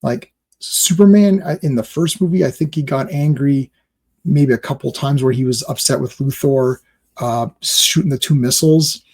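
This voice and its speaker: A man reviews a movie trailer in loose, rambling reaction commentary, full of fillers and exasperated asides. His voice has a gravelly, fry-laden edge at a middling pitch. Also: moderate pace, a little mellow.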